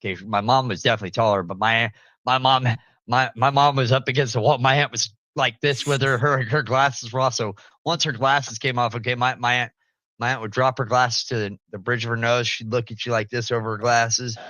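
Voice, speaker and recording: A man's voice: brisk, no echo, poor audio. A young man hosting a casual talk, telling family stories with lots of energy and frequent laughs. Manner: animated storyteller, jumps into loud high-pitched quoted voices, laughs often. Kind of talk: casual storytelling.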